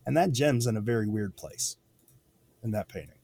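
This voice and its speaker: A man co-hosting a casual podcast, asking questions and trading quick remarks. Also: on the low side, expressive, vocal fry, dark tone, breathy edge. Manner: questioning, quick back-and-forth. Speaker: podcast co-host.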